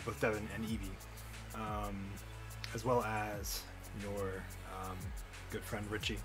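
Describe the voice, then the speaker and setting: Halting male game master. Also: on the low side. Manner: halting, filler-heavy narration. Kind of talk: narrating a tabletop game.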